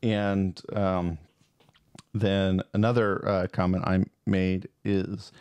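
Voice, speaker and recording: A man's voice: sits low, little pitch movement, slow, darkish tone, clear, resonant tone, no echo. A man co-hosting a casual movie review chat, rambling and hesitant with many fillers and restarts. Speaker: podcast co-host.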